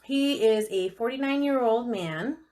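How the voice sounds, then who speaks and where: A woman's voice: on the high side, unhurried, a little mellow. Upbeat, enthusiastic woman podcast co-host. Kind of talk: casual storytelling chat.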